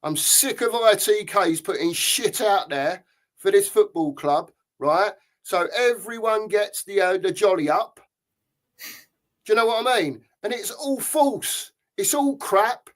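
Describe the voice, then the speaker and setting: A man's voice: sits high, lively intonation, unhurried. A man hosting a casual football chat, ranting angrily and swearing. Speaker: podcast host.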